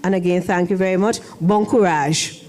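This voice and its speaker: A middle-aged woman who once served as a foreign language officer gives a rambling ceremony speech in a church hall, repeating and restarting phrases again and again. Her voice is fairly low and steady, at a normal speed, with a noisy background.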